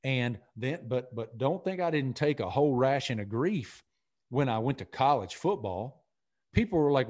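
A middle-aged man with a Southern accent, a guest in a podcast interview, talking in an earnest, energetic way and often repeating himself. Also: mid-range voice, normal speed. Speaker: podcast guest, sports broadcaster. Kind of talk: casual interview talk.

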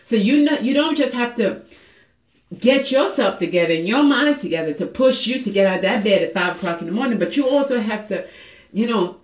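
A woman's voice: a little high, lively intonation, brisk. A woman talking candidly and emotionally in a personal fitness vlog, earnest and confessional, with many fillers. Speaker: fitness vlogger. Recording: echoey room.

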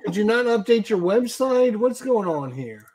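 A man hosting a casual live stream, chatty and quick to tease his co-host. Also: high-pitched, big pitch swings, crowd noise.

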